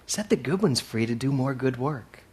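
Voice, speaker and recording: A man preaching a sermon to a congregation. He repeats his key phrases and swings between loud emphatic lines and soft asides. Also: mid-range voice, animated, normal speed, breathy edge. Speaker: minister.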